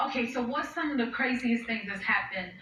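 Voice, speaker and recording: A woman hosting a talk show. She is excitable and laughs often, and she cries out in delight. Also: fairly high pitch, brisk, echoey room, far from the mic, a little hiss or hum, rough recording. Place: TV studio with audience.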